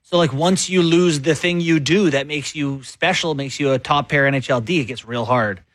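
A man co-hosting a sports talk show, making his case in a quick, conversational, opinionated way. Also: fairly high pitch, fairly bright tone, no echo. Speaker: sports radio co-host and columnist.

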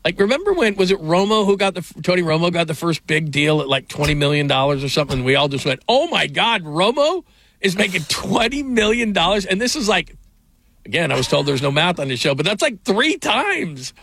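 A man's voice: fairly high pitch, lively intonation, quick pace, fairly bright tone, no echo. A middle-aged man hosting a sports radio show, telling stories in a loose, rambling way with fillers and laughs. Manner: rambling storyteller, frequent fillers and restarts, laughs often. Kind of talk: casual sports talk.

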